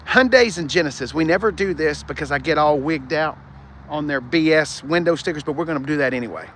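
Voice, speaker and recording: A man's voice: a little high, brisk, fairly bright tone, slight background noise. A man, hosting a rambling live-streamed car walkaround, chatting with viewers as he goes. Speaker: car show host. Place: outdoors on a car lot. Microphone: phone front camera.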